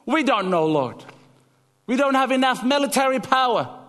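A man's voice: very high-pitched, big pitch swings, moderate pace, fairly bright tone, in a large hall, pitched above the performer's own voice, heavily acted. A man voicing an ancient king who pleads in prayer, emphatic and desperate. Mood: pleading.

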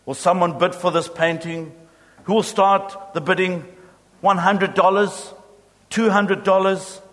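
A man's voice: high-pitched, steady tone, a little slow, fairly bright tone, pitched above the performer's own voice. A man voicing an insistent male auctioneer who calls out for bids, recorded in an echoey hall. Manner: insistent, calling out.

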